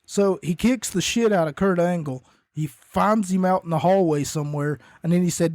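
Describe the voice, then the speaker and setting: A man's voice: high voice, moderate pace, darkish tone, dry recording, clean studio sound. A man hosting a podcast, casually recapping wrestling in a rambling way, often correcting himself and coughing between points. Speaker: podcast host.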